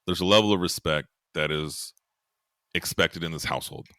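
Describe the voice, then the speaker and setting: A man's voice: low-pitched, normal speed, bright, forceful tone, no room sound, clean studio sound. A middle-aged man, a podcast guest, earnestly telling a personal story and repeating words as he thinks. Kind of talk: candid storytelling.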